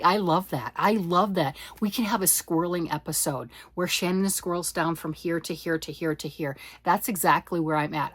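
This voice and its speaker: Woman, husky voice, dry close sound, rambling casual chat, self-deprecating knitting host. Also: low-pitched, dry recording. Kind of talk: casual chatty monologue.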